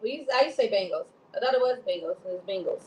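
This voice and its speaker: A woman's voice: medium pitch, lively intonation, racing, a little mellow, reverberant, slight background noise, low-quality recording. A woman from Chicago co-hosting a casual talk show, rambling and laughing often. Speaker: co-host. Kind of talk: casual chat.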